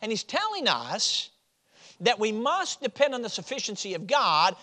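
A man from Chicago preaching a sermon, moving from loud stressed phrases to quiet, low drops. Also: sing-song, normal speed. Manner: swings from loud emphasis to quiet drops, with chuckles.

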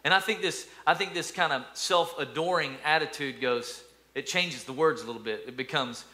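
Male pastor, bright voice, animated sermon delivery, acts out quoted attitudes. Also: fairly high pitch, brisk, hardly any pauses.

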